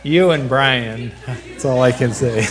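A man preaching a sermon, talking to the congregation in an unhurried, conversational way and joking now and then. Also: mid-range voice. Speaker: pastor. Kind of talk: sermon with a live demonstration.

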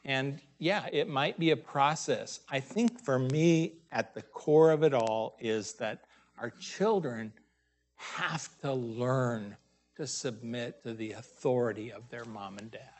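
A man preaching a sermon, pausing often and raising his voice to stress scripture readings. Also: medium pitch.

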